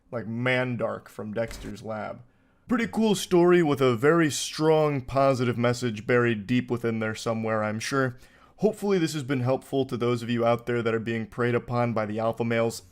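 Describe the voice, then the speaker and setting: A man commentating on online posts, mocking them in a dry, incredulous way. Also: medium pitch. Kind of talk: sarcastic reaction commentary.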